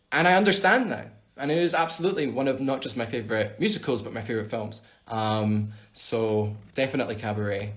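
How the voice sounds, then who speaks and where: A man's voice: medium pitch, brisk, few pauses, fairly bright tone. A Scottish man hosting a casual live Q&A on his phone, chatting playfully and reading out viewer questions. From Scotland. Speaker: livestream host answering fan questions.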